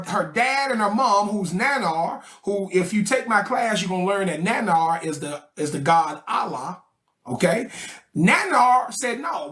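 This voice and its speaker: A man's voice: high voice, bright, forceful tone. A man teaching a study group in a casual, joking way, full of slang and checks like "okay?" and "right?". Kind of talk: casual explanatory lecture.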